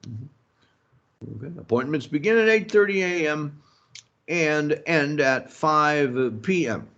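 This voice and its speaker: A man teaching a business English lecture, slow and halting, filling pauses with "mm-hmm" and "okay" and adding opinionated asides. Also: a little high, animated, fairly bright tone, dull audio. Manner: slow, halting, many fillers and self-talk like "mm-hmm" and "okay". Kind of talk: recorded lecture.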